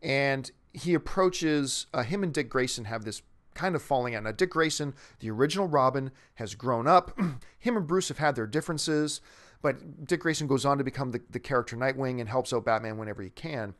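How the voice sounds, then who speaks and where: A man hosting a movie news show answers a viewer's question at medium pitch, a little fast. He's casual and enthusiastic, rambling and often restarting his sentences.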